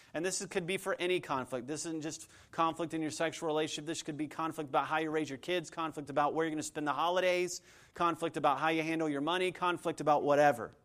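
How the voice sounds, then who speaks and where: A man preaching a sermon as pastor, building to forceful emphasis and acting out the objections of imagined listeners. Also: fairly high pitch.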